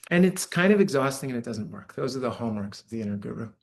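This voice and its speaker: A man's voice: mid-range voice, animated, fast talker, a little hiss or hum. A man giving a dharma talk to a live audience in a church hall, speaking conversationally and often checking in with "right?". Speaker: meditation teacher.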